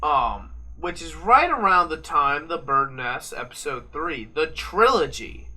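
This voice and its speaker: A young American man co-hosting a podcast sounds slightly high and sharp, very animated yet a little slow. Over a live fight late at night, he rambles, jokes, and swears in casual conversation.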